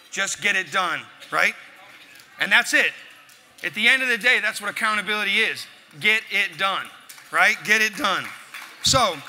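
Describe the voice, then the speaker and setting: Speaking in a high, bright, forceful voice, a man delivers a motivational speech at an event in a large hall. He drives his points home forcefully through a punchy story, with the hall's echo and a faint crowd audible.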